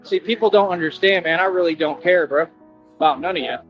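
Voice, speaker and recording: This clip plays a man with a high voice talking fairly quickly as he boasts, confrontational and full of slang, about running the streets. Music sits under the dull, lo-fi sound.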